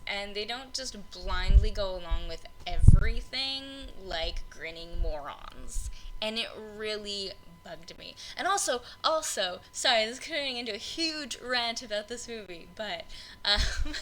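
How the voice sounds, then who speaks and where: Young woman podcast host, bright and sharp-edged tone, loose exasperated rant with lots of fillers and cursing, faint hiss in the background. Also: on the high side, rough recording. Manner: rambling, frequent fillers, exasperated, swears freely. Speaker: podcast host reviewing film adaptations. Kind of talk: unscripted casual rant.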